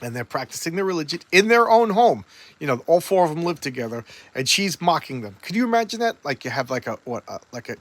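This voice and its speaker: A man's voice: a little high, big pitch swings, quick pace, dry recording. Rambling man recapping a comic. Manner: rambling, loose, lots of fillers and restarts. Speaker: comic book reviewer.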